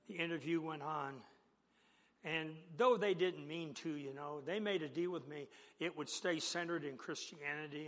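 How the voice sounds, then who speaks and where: Animated preacher man in a reverberant church. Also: fairly high pitch. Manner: animated, teasing the congregation, big swings in loudness. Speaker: preacher and missionary. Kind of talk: sermon with storytelling. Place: church sanctuary with a congregation. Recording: long reverb of a large church hall.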